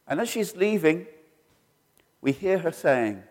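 A middle-aged male preacher tells sermon stories in a fairly high, lively voice that swings all over. He mimics the people he quotes with sudden jumps in pitch. His voice rings through a church hall with a long reverb tail. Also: slow pace. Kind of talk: sermon storytelling.

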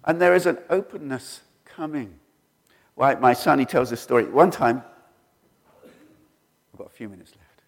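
A middle-aged man preaching a sermon, telling stories and acting out the quoted voices with sudden leaps in pitch. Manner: animated, acts out quoted voices with jumps in pitch. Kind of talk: sermon storytelling. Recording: long hall reverb.

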